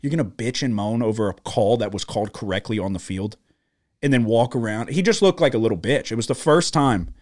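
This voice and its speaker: A man's voice: lowish voice, animated, brisk, a little mellow. A man co-hosting a sports betting podcast from a studio, ranting in heated, profane casual talk. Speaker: podcast co-host.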